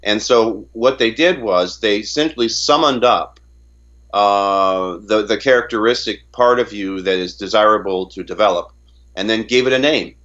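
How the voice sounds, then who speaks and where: A man's voice: lowish voice, measured pace, fairly bright tone, highs cut off. A man from Canada giving an interview in a casual way, often stumbling and repeating words as he retells conversations. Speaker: interview guest.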